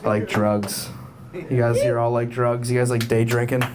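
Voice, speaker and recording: A young man from Florida doing a rambling, profane stand-up set, building to loud punchlines. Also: medium pitch, little pitch movement, moderate pace. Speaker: stand-up comedian. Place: comedy club with live audience. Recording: crowd noise from live club. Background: crowd laughing.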